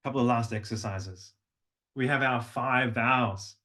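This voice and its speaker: Unhurried and medium-pitched, this middle-aged man works as a voice and language coach leading a workshop. His accent is neutral with a slight Australian edge, and as a warm, demonstrative teacher he slips into sung and spoken examples.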